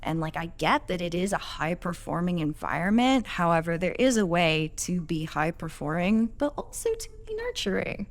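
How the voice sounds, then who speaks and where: An earnest woman talks through a past job on a podcast, calm and reflective. Her voice sits a little low for a woman, and she speaks in an easy, conversational way. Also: normal speed, hardly any pauses. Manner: earnest, reflective, quotes others in acted tones. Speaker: podcast guest, employee.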